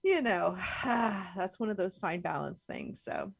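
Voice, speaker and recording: A woman's voice: medium pitch, animated, slow, vocal fry. A young woman co-hosting a casual podcast chat. She talks in a chatty way, uses lots of "like" fillers, and laughs often. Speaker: podcast co-host.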